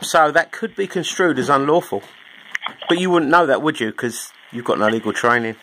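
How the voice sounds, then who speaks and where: A man's voice: a little high, normal speed, bright, forceful tone. A man calling on the phone and needling the person who answers with sarcasm. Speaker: caller. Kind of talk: recorded phone call. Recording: noisy phone line.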